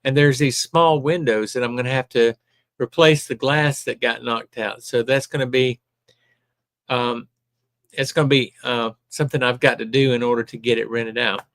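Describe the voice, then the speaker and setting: An older man hosting a casual live stream, talking haltingly with lots of ums and uhs. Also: mid-range voice, steady tone, a bit bright, no room sound, studio quality.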